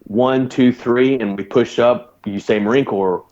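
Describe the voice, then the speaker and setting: A man's voice: medium pitch, measured pace, lo-fi sound. Swearing man telling a war story. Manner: profane, animated anecdote telling with put-on quotes. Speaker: guest, former Navy corpsman. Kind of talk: casual podcast storytelling.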